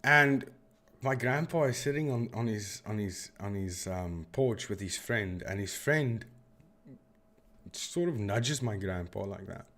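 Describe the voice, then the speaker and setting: A man's voice: fairly low pitch, lively intonation, measured pace, a bit bright. A man from Africa, hosting a casual live stream and telling long, meandering stories with frequent restarts. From South Africa. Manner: rambling, digressive storyteller who often restarts sentences.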